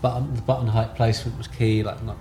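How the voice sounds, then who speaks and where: A man talking through how his business began, thinking aloud and often seeking agreement with his partner. His voice sits a little low, and a faint hiss runs beneath it. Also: level tone, fast, dark tone. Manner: thinks aloud, seeks agreement with tag questions. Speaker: tailoring business co-founder. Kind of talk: conversational interview answers.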